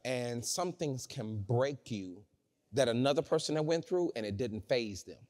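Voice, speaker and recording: Guy preaching, goes from shouting to hushed real quick, echoey church hall. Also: lively intonation. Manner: dramatic swings from loud shouting to low hushed delivery. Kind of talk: sermon. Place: church sanctuary.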